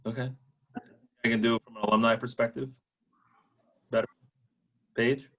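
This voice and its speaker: A man who coaches the team, interviewing former players in a relaxed, joking way. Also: medium pitch, normal speed. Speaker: head coach interviewing alumni. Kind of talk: casual interview.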